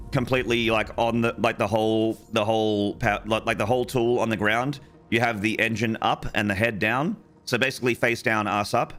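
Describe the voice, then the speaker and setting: Chatting loosely with viewers during a game stream, the forties-aged man makes crude jokes and lets out excited shouts. His pitch is fairly low.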